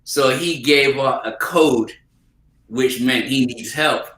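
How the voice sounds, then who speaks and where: A man's voice: mid-range voice, takes it slowly. A man casually telling a funny story as a podcast host, chuckling often as he goes. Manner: animated anecdote teller who chuckles often. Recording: roomy echo.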